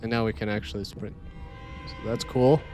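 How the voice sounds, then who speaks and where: A man's voice: lowish voice, fairly even intonation, moderate pace, a little mellow, faint music behind. A man giving casual, playful commentary as he plays a horror game, joking and talking to himself. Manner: playful, jokey, talks to himself. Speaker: let's play host.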